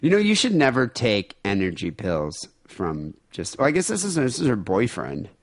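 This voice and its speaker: A man's voice: mid-range voice, huge pitch swings, normal speed, no echo, studio quality. A man co-hosting a podcast, chatting casually and joking, acting out voices now and then. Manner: quips and acts out quoted voices. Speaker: podcast co-host. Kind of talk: casual comedic chat.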